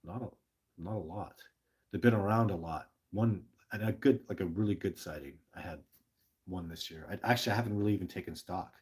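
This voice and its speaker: A middle-aged man with a low, husky voice chats casually on a livestream. He rambles with earnest passion, stammers and restarts his sentences, and reads viewer questions aloud. He sounds short on sleep. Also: a little fast, darkish tone. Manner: passionate and emotional. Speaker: livestream host.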